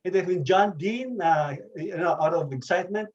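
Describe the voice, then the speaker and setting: A man in the audience asking a question, halting and restarting often, on a dull lo-fi video-call line. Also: high voice, darkish tone.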